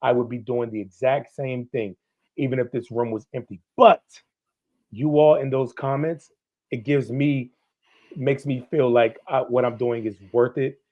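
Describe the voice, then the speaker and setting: A former police officer, appearing as a guest on an impassioned livestream, talks candidly and with passion, swearing freely as he gets fired up. His mid-range voice holds a steady tone at a slightly slow pace, and the sound is lo-fi.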